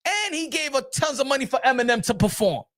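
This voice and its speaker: A man's voice: extremely high pitch, very animated, fast talker, fairly bright tone. A man hosting a boxing show, ranting casually and profanely, with lots of repetition. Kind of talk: casual commentary rant.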